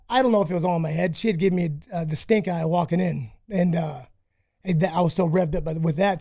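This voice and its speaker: Man, high voice, profane, rambling, self-mocking, podcast guest. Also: mellow. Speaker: guest, former fighter. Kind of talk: casual podcast storytelling.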